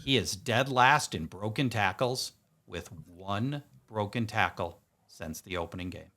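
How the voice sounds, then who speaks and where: A man's voice: lowish voice, a little slow, pushed and bright. A man hosting a fantasy sports podcast, reading off stats with emphatic, playful delivery. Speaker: podcast host.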